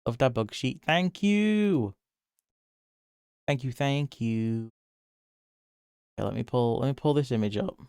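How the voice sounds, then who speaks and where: A man chatting casually with viewers while he draws on a live stream, giggling often, swearing freely and jumping to high squeals when excited. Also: normal speed, creaky, long pauses, clean tone, dry recording, clean studio sound. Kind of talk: casual chat while drawing.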